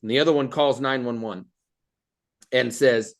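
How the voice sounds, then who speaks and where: A man's voice: medium pitch, measured pace, pauses often. A man hosting a comedy workshop on a video call, rambling with many fillers and restarts. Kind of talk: casual chat on a video call.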